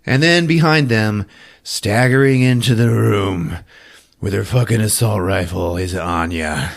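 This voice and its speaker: A man hosting a podcast, recapping a film as a casual, profane, animated storyteller. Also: lowish voice, a little slow, creaky.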